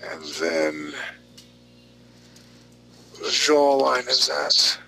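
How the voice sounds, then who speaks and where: A man's voice: mid-range voice, big pitch swings, extremely slow, gravelly, sharp tone, slight background noise, rough recording. A male drawing instructor running a live class. He talks through each step in an easygoing, joking way.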